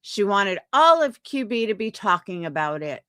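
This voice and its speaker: A young woman hosts a casual chat stream, reading comments and venting with indignant swearing while quoting others in mock voices. Her mid-range voice is sing-song, pushed, bright, and smooth at a normal speed, recorded dry in studio quality.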